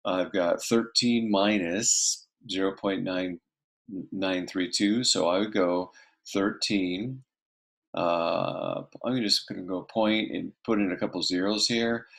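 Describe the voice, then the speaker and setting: Low gravelly guy teaching math, talks thru every step, lots of okays. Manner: talks through steps aloud, says okay often. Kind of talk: casual math lesson.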